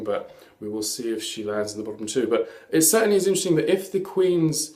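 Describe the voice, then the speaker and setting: A man's voice: mid-range voice, darkish tone. A man hosting a casual TV recap chat, camp and chatty, full of sassy asides. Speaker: host of a TV recap show. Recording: echoey room.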